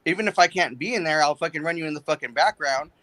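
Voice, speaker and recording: A man's voice: on the high side, fast talker, bright, forceful tone, dry recording. A young man telling a story on a livestream chat, heated and full of swearing. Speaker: guest on a livestream. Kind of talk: casual chat.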